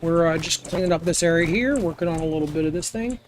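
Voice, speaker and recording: A man's voice: on the high side, quick pace, soft background music. Rambling, goofy male game streamer. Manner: rambling, goofy, chats with viewers while playing. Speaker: live streamer. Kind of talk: casual gameplay stream chat.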